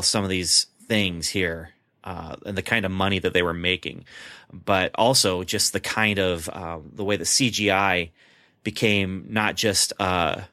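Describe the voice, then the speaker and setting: A man's voice: deep voice, pushed and bright, dry recording. Male podcast host, dry close mic, chatty, laughs, loose fillers. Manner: chatty, laughs often, many fillers and restarts. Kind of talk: casual chat.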